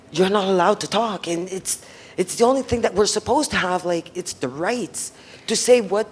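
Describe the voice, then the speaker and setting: A woman's voice: fairly low pitch, slightly rough. Blunt swearing woman. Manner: blunt, swears often, emotional. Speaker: panelist. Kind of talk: casual panel talk.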